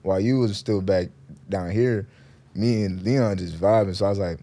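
A young man co-hosting a podcast, talking about friendship in a relaxed, casual chat. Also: lowish voice, normal speed. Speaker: podcast co-host.

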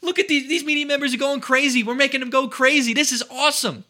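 A man's voice: very high voice, steady tone, fast, sharp tone, pitched above the performer's own voice, heavily acted. A man voicing a smug young ballplayer who gloats and mocks with his teammates. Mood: gloating. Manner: gleeful, mocking.

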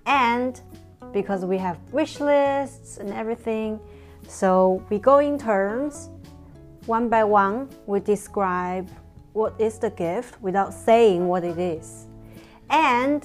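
A woman's voice: medium pitch, takes it slowly, soft background music. Playful woman with a Mandarin background. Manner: playful, competitive, switches between English and Mandarin. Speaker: podcast co-host. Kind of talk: casual chat.

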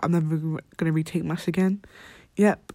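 A young adult college student chats about her life for a casual personal vlog, using a low, warm, steady voice at a moderate pace with no echo. Slang-heavy and rambling, she restarts and fills often and now and then drops to whispers.

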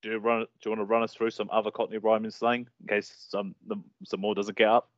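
A man's voice: fairly low pitch, flat delivery, fast talker. A man in casual podcast banter who laughs often and asks teasing questions. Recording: slightly dull lo-fi audio.

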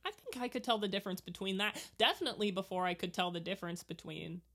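A woman's voice: medium pitch, expressive, fast, a bit bright. A woman co-hosting a casual chat while watching a movie, playful and joking, laughing often.

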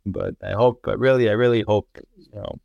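Podcast guest, man, New York accent, low-pitched, dry, earnest and rambling. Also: fairly even intonation, brisk, creaky, darkish tone, dry recording, muffled recording. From Russia. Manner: earnest, emotional storytelling with many fillers. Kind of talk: casual conversational interview.

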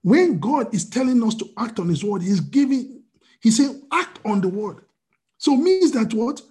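Animated pastor preaching. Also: male voice, very high voice, normal speed. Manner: animated preaching with rhetorical questions. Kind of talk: sermon.

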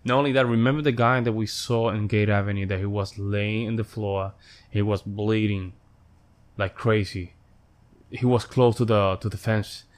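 A man in casual conversation, speaking haltingly with repeated words and brief agreements. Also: lowish voice, steady tone. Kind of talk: casual chat.

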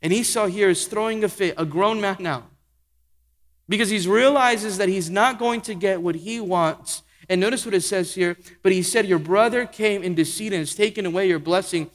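A man with a high voice delivers a sermon from a pulpit. He changes pace and volume for emphasis and hammers on repeated phrases, and his words ring out with long reverb through a large hall. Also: moderate pace. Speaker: pastor.

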